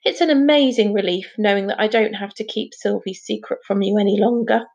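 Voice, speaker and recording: A woman's voice: medium pitch, a little fast, vocal fry, darkish tone, muffled recording. A woman voicing an anxious, protective dad. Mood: relieved. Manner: worried, earnest, warning. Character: anxious, protective middle-aged father.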